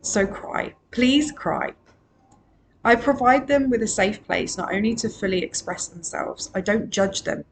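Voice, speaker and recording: An emotional wellbeing coach, a woman, delivers a solo podcast monologue in a medium-pitched voice at normal speed with few pauses. She speaks earnestly and emphatically, repeating her key phrases, and there's slight background noise.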